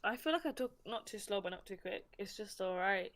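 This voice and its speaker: A woman with a London accent, co-hosting a casual podcast in a lively, chatty way. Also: medium pitch, fairly quick, no room sound. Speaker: podcast co-host. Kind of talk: casual chat.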